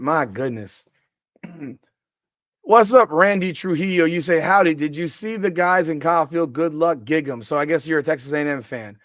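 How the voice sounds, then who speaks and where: A hoarse man hosts a live sports podcast, his voice sitting a little high. He rants and trash-talks like an excitable fan, swearing freely. The sound is dry and dull, like lo-fi stream audio. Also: moderate pace, dry recording. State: hoarse, voice worn out. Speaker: podcast host. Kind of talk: live-stream sports talk reading chat.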